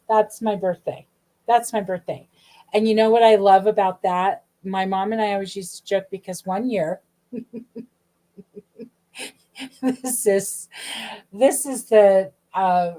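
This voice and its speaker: Casting note: middle-aged female host, chatty storyteller, mid pitch, lots of quoted back-and-forth. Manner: chatty, animated, many asides and quoted dialogue. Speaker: podcast host. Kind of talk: casual storytelling.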